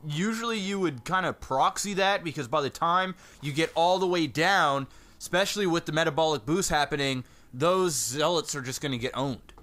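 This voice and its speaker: Guy casting a strategy game, kinda high bright voice, jokey and laughing a lot. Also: normal speed. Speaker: game caster. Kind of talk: casual game commentary.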